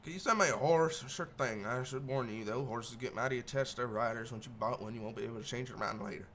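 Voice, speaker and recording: A man's voice: medium pitch, level tone, fast, noisy background. A man streaming a western game, reading its text aloud and joking casually.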